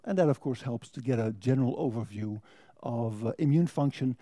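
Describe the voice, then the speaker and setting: Middle-aged american guy lecturing, deep mellow tone, calm and measured, little dry jokes. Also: no room sound. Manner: measured, thoughtful delivery with dry humor. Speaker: guest lecturer. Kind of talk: academic lecture.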